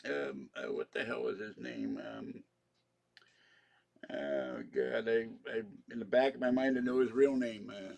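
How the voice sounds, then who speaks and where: A man's voice: medium pitch, lively intonation, unhurried, vocal fry. An older man hosting a live stream, rambling through strong opinions in a grumbling, casual way. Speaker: channel host.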